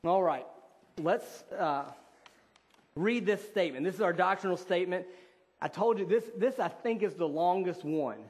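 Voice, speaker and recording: Male pastor, somewhat high voice, earnest conversational sermon, slow deliberate scripture reading. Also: husky. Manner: earnest, conversational preaching with fillers.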